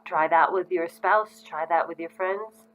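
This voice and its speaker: A woman's voice: fairly low pitch, steady tone, unhurried, narrow, tinny audio, soft background music. A middle-aged woman giving parents advice in a casual, conversational way, with frequent ums. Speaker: parenting educator. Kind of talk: casual instructional talk to parents.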